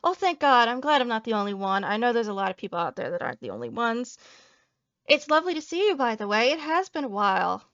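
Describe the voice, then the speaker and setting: A woman's voice: on the high side, sing-song, fast, fairly bright tone, no echo, lo-fi sound. A woman VTuber giving a salty, profane reaction commentary, ranting and joking at her viewers. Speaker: VTuber streamer.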